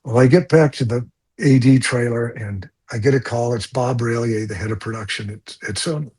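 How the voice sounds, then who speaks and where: Husky older man telling stunt stories. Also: medium pitch, normal speed. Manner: blunt, animated, swears freely. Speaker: stunt coordinator. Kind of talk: storytelling interview.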